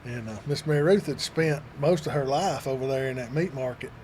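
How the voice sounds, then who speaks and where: Man, folksy relaxed storyteller, noisy room. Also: mid-range voice, a little fast. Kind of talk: casual storytelling among friends.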